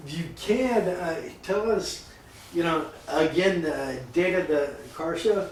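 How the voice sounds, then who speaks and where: A male host with a high voice reacts to his guest in short, enthusiastic bursts, speaking slowly. He is far from the mic in a very echoey garage with faint background noise. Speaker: podcast host. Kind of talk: casual interview. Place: garage shop.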